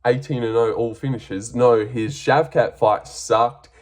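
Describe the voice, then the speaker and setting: A man's voice: medium pitch, steady tone, a little slow. A young Australian man giving a casual, blunt and profane breakdown of fights, sarcastic and full of ums. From Western Australia. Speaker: MMA fight reviewer.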